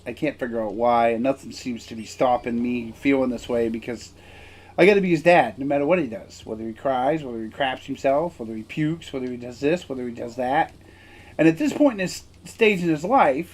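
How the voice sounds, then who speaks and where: A man streaming who tells a personal story in a candid, rambling way. He is emphatic and blunt, and keeps checking in with "right?". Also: medium pitch. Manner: candid and blunt, occasional swearing. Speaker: game streamer.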